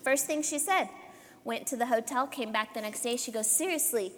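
A woman with a high, girlish voice preaching a sermon, urging her church with emphatic repetition and calls of amen. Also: normal speed, fairly bright tone, big-room sound, slight background noise. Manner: emphatic, repetitive exhortation with call-and-response amens. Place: church sanctuary.

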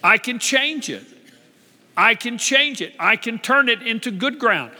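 A man's voice: very high voice, expressive, a little slow, bright, forceful tone. A man preaching a sermon as pastor, repeating his key phrases and asking the congregation to answer him. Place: church. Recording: long hall reverb.

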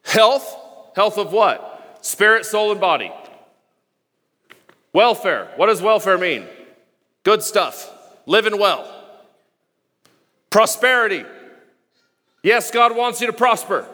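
A man preaching a sermon as pastor, emphatic and repetitive, chanting phrases and sometimes shouting. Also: high voice, sing-song, slow pace, pauses often, long reverb tail. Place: church sanctuary.

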